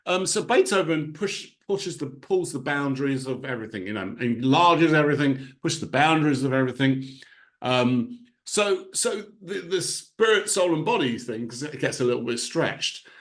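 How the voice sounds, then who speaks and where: A man's voice: mid-range voice, animated, normal speed, a bit bright. Man musing aloud about music. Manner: thinks aloud, hums rhythms as da-da-da. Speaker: composer. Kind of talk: informal spoken lecture on music.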